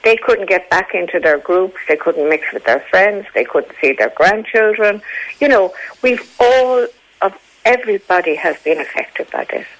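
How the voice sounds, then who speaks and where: A woman's voice: mid-range voice, lively intonation, moderate pace, rough recording. An Irish woman in her eighties, from Dublin, chatting forthrightly on a radio panel and telling stories. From Dublin, Ireland. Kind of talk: casual radio chat.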